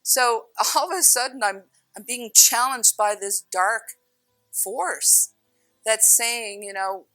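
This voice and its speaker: Middle-aged woman, storytelling talk, animated, bright tone, dry close sound, faint music behind. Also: mid-range voice, moderate pace, dry recording, poor audio. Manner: animated, acts out voices in her story, laughs often. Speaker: spiritual speaker.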